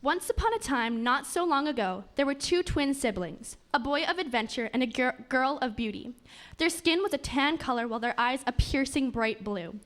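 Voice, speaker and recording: A woman's voice: sits high, animated, moderate pace, a bit bright. A woman narrating a comic fairy tale aloud, with small stumbles and restarts as she reads. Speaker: story narrator. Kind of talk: reading a comic story aloud.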